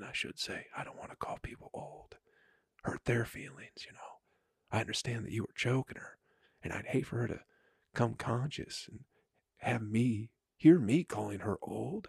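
A man voicing a timid male bystander in whispered role-play, softly coaxing an attacker to calm down. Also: medium pitch, gravelly, slightly rough, no echo, studio quality. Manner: hushed whisper, soothing and coaxing.

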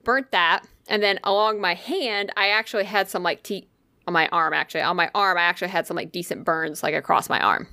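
A woman's voice: on the low side, brisk, sharp tone, no echo. A woman co-hosting a podcast, telling a story in casual chat, rambling with lots of "like" and casual swearing. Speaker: podcast co-host.

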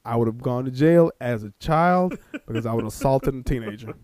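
A man's voice: medium pitch, lively intonation, a little fast, darkish tone, dry recording, studio quality. A man co-hosting a casual gaming podcast, exasperated and swearing freely. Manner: exasperated, profane, frequent swearing. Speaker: podcast co-host. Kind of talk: casual podcast banter about games.

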